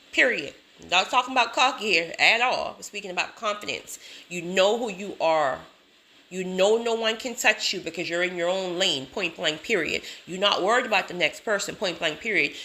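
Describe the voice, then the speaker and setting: A woman giving a sassy, emphatic motivational talk to camera, laughing often. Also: lowish voice. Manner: sassy, emphatic, repeats catchphrases; laughs often, animated storytelling. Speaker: self-help vlogger.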